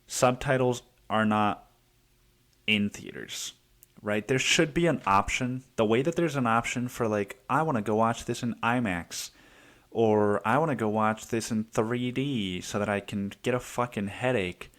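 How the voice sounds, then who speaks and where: Rambling, profane man, low voice. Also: a little slow, fairly bright tone. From United States. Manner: rambling, profane, self-interrupting. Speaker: podcast host. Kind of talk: casual solo podcast monologue.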